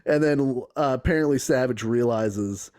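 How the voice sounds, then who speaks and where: A man in easy, casual podcast chat who laughs often as he retells a tale. His voice sits at a middle pitch, neither high nor low. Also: normal speed, a little mellow. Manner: laughs often, slips into impressions while retelling. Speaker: podcast co-host.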